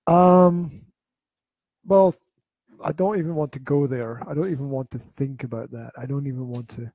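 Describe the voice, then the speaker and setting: A man hosting a casual parenting podcast, talking slowly and haltingly with dry teasing. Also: medium pitch, warm tone, no echo, low-quality recording. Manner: slow, halting, repeats words, dry teasing. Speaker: podcast host. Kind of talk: casual chat.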